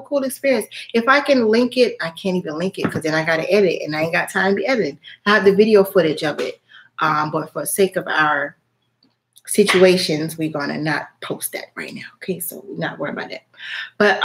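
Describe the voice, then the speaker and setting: A woman's voice: mid-range voice, fairly bright tone. A woman telling a personal story in a casual vlog, candid and chatty, swearing freely between fillers. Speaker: spiritual reading channel host.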